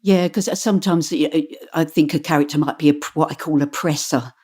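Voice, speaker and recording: A middle-aged woman, an audiobook narrator, talking in an interview in a chatty, animated way and laughing often. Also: deep voice, fairly quick, hardly any pauses. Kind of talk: interview conversation.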